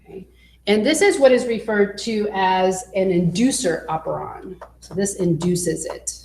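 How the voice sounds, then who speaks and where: A woman lectures a biology class at a slow, explaining pace, often pausing to check that her students are following. Her middle-pitched voice carries through an echoey classroom, with faint noise in the background. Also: vocal fry, a little mellow. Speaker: biology instructor.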